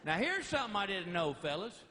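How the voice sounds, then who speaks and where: Man, stand-up comedian, high voice, folksy drawl, noisy live room. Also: very animated, a little fast. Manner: folksy drawling storyteller acting out wife and husband. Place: theater stage before a live audience. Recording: live show with audible room noise.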